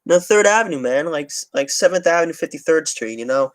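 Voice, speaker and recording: A man's voice: fairly high pitch, animated, fast talker, dry recording. A young man, talking loosely on a livestream, rambling and swearing often. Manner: rambling, heavy swearing, restarts. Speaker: transit channel streamer. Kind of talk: casual livestream chat.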